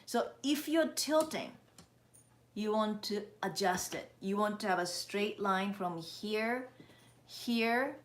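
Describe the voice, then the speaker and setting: A woman's voice: medium pitch, lively intonation. A woman teaching face exercises in a live-streamed lesson, coaching viewers step by step and checking in that they are following along. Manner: demonstrates and counts out steps slowly. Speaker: face yoga instructor.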